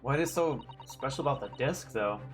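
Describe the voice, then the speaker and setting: A man voicing an earnest young male defense lawyer, reading his lines in a steady, probing way. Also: medium pitch, moderate pace, faint music behind, close to an everyday voice. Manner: steady questioning. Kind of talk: game dialogue read aloud on a stream.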